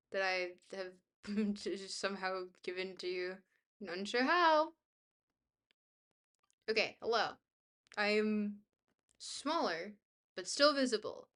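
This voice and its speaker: Young female streamer, bubbly and goofy, casually reading chat, with a crisp, bright tone. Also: medium pitch, slow pace, long pauses. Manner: bubbly, goofy, self-deprecating. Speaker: livestreamer.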